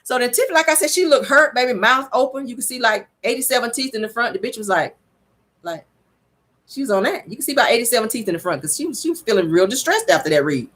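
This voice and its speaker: A woman recapping a reality show episode in a sassy, animated, gossipy way. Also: fairly high pitch, fast. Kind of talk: casual recap commentary.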